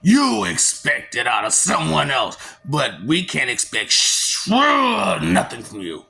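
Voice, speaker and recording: Taunting woman with a gravelly voice. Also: sits low, wildly swooping pitch, takes it slowly, pushed and bright. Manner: taunting, mocking, preachy. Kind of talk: confrontational monologue.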